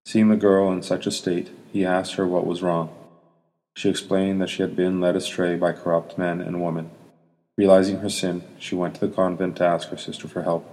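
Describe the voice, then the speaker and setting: A man reading a saint's life as scripted narration, in an even, solemn way. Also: sits low, normal speed. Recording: long hall reverb.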